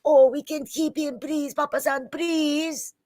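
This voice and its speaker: Giggly young princess, squealing very high, pleading, dry close sound. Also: female voice, fairly even intonation, takes it slowly, darkish tone, dry recording. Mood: gushing.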